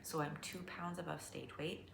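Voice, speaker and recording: A middle-aged woman vlogging casually, chatty and candid, often dropping into soft near-whispers. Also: deep voice, fairly even intonation, normal speed, vocal fry. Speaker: vlogger, fitness competitor. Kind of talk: casual vlog talk to camera. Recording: echoey room, faint background noise.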